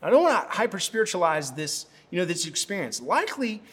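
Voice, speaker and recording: A man's voice: high voice, sing-song, quick pace, a bit bright, breathy edge. A man preaching a sermon as pastor, telling stories animatedly and laughing now and then.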